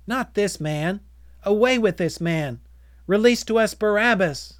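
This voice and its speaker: A man voicing an angry mob in a dramatized scripture reading, shouting forcefully. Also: sits high, expressive, unhurried, no echo, studio quality, voice pushed up.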